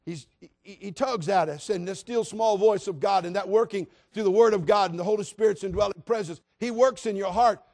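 Impassioned preacher, a man, higher voice. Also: a little fast, hardly any pauses, no room sound. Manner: impassioned preaching, swinging from loud appeals to hushed tones. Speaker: pastor. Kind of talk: sermon.

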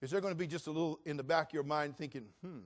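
A male pastor in his sixties preaches rapid-fire, his voice a bit higher than average for a man. In his sermon he tells Bible stories with animation, acting out the voices.

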